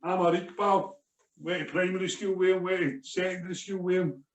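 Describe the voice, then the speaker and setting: A Scottish man chatting casually as a podcast co-host, circling back over the same phrase. His voice sits a little high for a man. He is set back from the mic in a roomy, echoing space. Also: fairly even intonation, a little fast, recorded from a distance. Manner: chatty, repeats himself, restarts phrases. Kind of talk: casual beer review chat.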